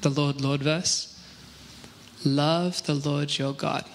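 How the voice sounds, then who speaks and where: A man leading a casual Bible teaching discussion, relaxed and joking as he reads scripture aloud. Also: a little high, takes it slowly, long reverb tail, a little hiss or hum. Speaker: church teacher.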